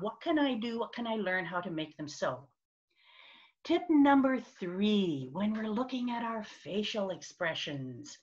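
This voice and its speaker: A woman giving a conversational workshop talk over a video call, expressive and acting out little examples as she goes. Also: mid-range voice. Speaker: speaker on virtual presence. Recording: dull lo-fi video call audio.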